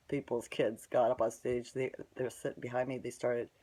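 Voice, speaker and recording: A woman's voice: very deep voice, fairly even intonation, moderate pace, mellow. A woman telling a long story in a casual, rambling way, bluntly scornful and tagging her sentences with "right?". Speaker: vlogger.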